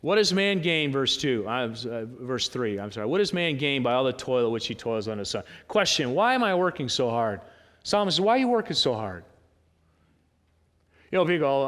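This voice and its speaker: A man's voice: medium pitch, sing-song, normal speed, a bit bright. A man preaching a sermon as a pastor, talking conversationally and pressing his points with repeated rhetorical questions. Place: church sanctuary. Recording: long church hall reverb.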